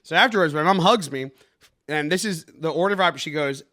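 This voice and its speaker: A young man hosts a comedy news podcast, his voice sitting high and ringing bright. He riffs fast and sarcastically and slips into a punchy mock-announcer delivery. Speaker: comedy news show host.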